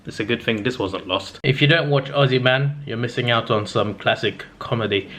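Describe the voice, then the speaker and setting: A man's voice: medium pitch, a little fast, hardly any pauses, a bit bright. A man in his twenties chatting casually in a vlog, rambling and hesitant with frequent restarts. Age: 20s. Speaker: vlogger. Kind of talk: casual vlog talk and review.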